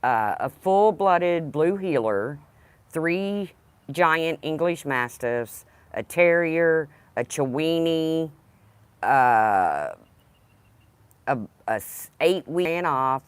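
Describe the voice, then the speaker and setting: Woman hosting a casual livestream, low pitch with lively swings, rambling. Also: drawn-out words, smooth, no echo. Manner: rambling, talks to her dog. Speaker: livestream host.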